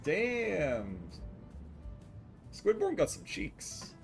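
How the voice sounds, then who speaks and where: A man's voice: sits high, huge pitch swings, drawn-out words, creaky, soft background music. A man live-streaming a video game, drawling crude jokes at his chat and breaking into sudden yelps.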